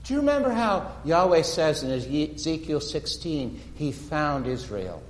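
A man preaching a sermon, retelling stories dramatically and slowing down for emphasis. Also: fairly high pitch, sing-song. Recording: echoey hall reverb.

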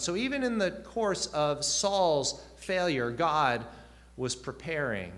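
A man's voice: on the high side, animated, slow pace, fairly bright tone. A man preaching a sermon, earnest, with rising and falling emphasis and questions put to the listeners.

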